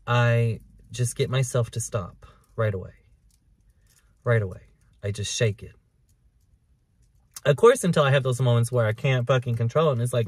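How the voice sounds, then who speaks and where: A man's voice: medium pitch, no room sound. Candid, rambling man podcaster. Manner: candid, rambling, profane, emotional. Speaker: podcast host. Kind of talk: casual personal podcast monologue.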